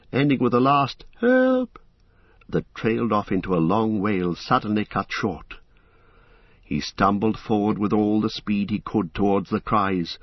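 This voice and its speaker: Deep, husky male storyteller. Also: no room sound, muffled recording. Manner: measured, dramatic storytelling. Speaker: audiobook narrator. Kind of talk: scripted fantasy narration.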